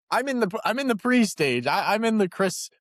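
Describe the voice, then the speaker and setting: A man co-hosting a podcast in casual chat, telling stories with animated delivery and acted-out voices. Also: high-pitched, moderate pace, no echo, studio quality. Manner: animated storyteller, voices characters in jokes. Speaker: podcast co-host.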